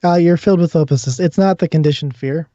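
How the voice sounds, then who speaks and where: A man's voice: on the high side, quick pace, dark tone, dry recording. Man narrating as game master. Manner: descriptive, hesitant when ruling. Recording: dull dry audio.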